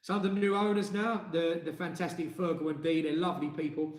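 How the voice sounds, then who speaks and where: Male co-host, chatty and jokey, slightly high voice, roomy echo. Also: steady tone, a little fast, heavy background noise. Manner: chatty, jokey, reads viewer comments aloud. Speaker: live stream co-host and singer. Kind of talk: casual live-stream chat. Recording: echoey room.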